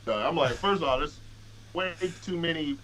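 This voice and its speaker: On a podcast guest spot, a rapper rambles through long, profane stories, acting out others' lines, restarting sentences, and filling gaps with fillers. His voice sits fairly high and moves at a moderate pace. A loud crowd is audible on the low-quality recording.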